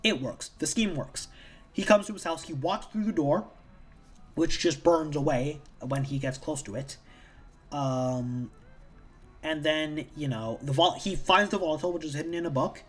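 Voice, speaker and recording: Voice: medium pitch, moderate pace, faint music behind. A casual comic book reviewer recapping a story in a rambling, profane way that often repeats itself.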